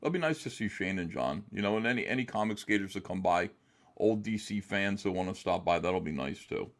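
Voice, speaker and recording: A man's voice: deep voice, fairly quick. A man chatting casually as a guest on an interview show, rambling and hesitant with many fillers. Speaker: guest comic artist.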